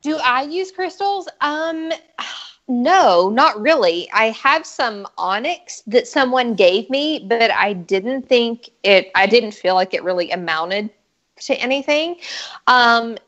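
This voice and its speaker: A woman's voice: fairly high pitch, expressive, slow, a bit bright. A woman with a Southern US accent chatting frankly and laughing easily on a live online show. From Southern United States. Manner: frank, giggly, swears freely. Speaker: guest, upcoming show host. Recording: lo-fi online call audio.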